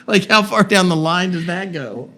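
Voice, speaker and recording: A man's voice: high-pitched, bright, forceful tone. A middle-aged pastor co-hosting a casual marriage podcast with his wife, telling stories animatedly and interrupting himself playfully. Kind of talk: casual marital chat.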